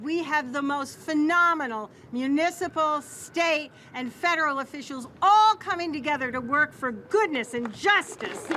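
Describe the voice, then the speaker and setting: A woman's voice: high-pitched, bright, forceful tone, a little hiss or hum. A woman giving effusive, emphatic remarks at a public ceremony. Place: outdoor ceremony.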